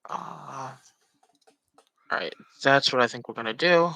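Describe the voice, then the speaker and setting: A man playing a game on stream, calmly talking through his moves. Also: mid-range voice, measured pace, creaky, dry recording, poor audio. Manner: calm, matter-of-fact, narrating his moves. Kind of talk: casual gaming chat.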